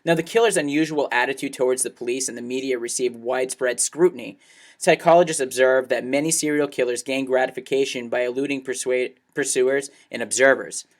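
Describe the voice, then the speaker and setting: A man with a middle-pitched voice hosts a true-crime podcast. He reads case details in an even, conversational manner and chats with his co-host between facts. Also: brisk. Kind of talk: casual true-crime narration and chat.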